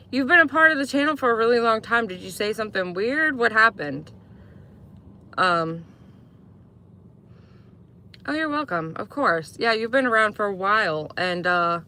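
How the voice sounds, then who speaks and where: A woman live streaming in casual chat, talking to viewers and answering their comments. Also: pushed and bright. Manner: chatty, answers chat comments, mimics sweet talk in high voice.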